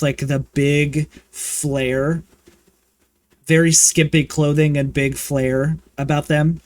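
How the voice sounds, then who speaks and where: A man chatting casually and campily while streaming a video game, with playful swearing and excited bursts. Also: on the high side, dry recording. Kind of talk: casual gaming livestream chat.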